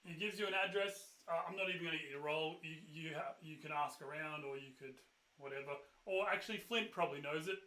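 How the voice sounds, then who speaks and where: Bright-voiced man running a tabletop game. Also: fairly high pitch, quick pace, reverberant, rough recording. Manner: loose, rambling narration with fillers and sudden loud bursts for characters. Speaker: game master.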